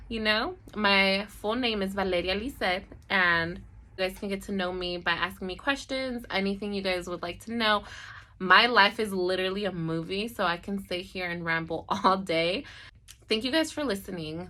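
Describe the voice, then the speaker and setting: Young woman, vlogger, bright tone, rambling storytime delivery. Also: medium pitch. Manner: chatty, rambling, emotional. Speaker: esthetician vlogger. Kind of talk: casual storytime vlog.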